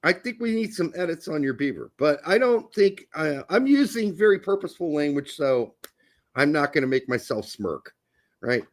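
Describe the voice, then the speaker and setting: A middle-aged man co-hosting a podcast, telling stories in a jokey, animated way and laughing often. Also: on the high side, normal speed. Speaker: podcast co-host. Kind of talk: casual chat.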